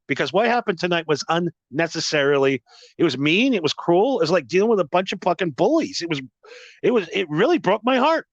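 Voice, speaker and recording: Podcast host, man, high-pitched, foul-mouthed emphatic rant, dry muffled lo-fi sound. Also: sing-song, fairly quick, no echo. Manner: profane, emphatic, repetitive ranting. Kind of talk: profane ranting monologue.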